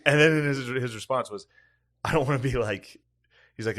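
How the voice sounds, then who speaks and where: A man co-hosting a comedy podcast, rambling through profane, excitable stories in casual chat. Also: mid-range voice, normal speed. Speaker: podcast co-host.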